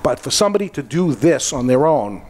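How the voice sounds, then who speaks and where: A man's voice: mid-range voice, very animated, a little fast, a little mellow, a little hiss or hum. A man who runs a podcast studio, chatting at a panel and telling a story, acting out the quoted lines. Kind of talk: casual panel talk.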